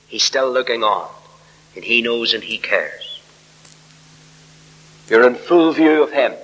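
Older preacher in reverberant hall. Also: male voice, slightly rough. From Northern Ireland. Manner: emphatic, rising to loud peaks then dropping low. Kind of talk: sermon.

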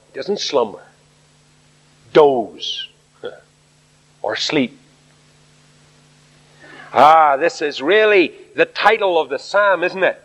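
A man's voice: a little high, fairly bright tone. An Irish man preaching a sermon, emphatic and speaking straight to his congregation. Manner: emphatic, addresses the congregation directly. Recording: dull recording in a reverberant hall.

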